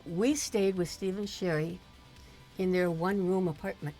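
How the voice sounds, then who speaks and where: A woman's voice: fairly low pitch, fairly even intonation, normal speed, dark tone, soft background music. An older woman, the host's mother, telling a long personal story in casual chat, with many restarts and small laughs. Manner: chatty, rambling, frequent restarts and laughs. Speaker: streamer's mother, guest.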